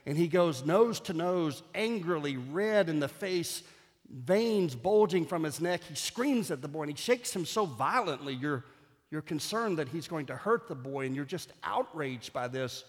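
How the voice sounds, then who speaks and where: Brief: male pastor, somewhat high voice, vivid sermon storytelling, long hall reverb. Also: expressive, measured pace. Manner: storytelling, building to an emotional peak.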